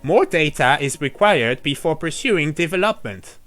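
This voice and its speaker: A man doing a monotone teenage robot boy. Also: fairly high pitch, normal speed, soft background music. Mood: flat. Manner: flat monotone reading.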